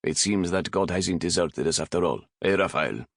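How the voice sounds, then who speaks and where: A man's voice: low-pitched, expressive, moderate pace, dry recording. A man voicing a wry young nobleman in an audiobook, speaking with dry humor. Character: wry young nobleman, captain's loyal friend.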